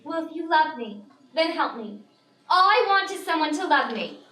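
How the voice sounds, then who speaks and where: A woman's voice: sits high, very animated, normal speed, pushed and bright, exaggerated voice. A student actress playing a frightened young bride who pleads with her father, in a school stage play heard from far off in an echoey hall. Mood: pleading. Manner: pleading, desperate.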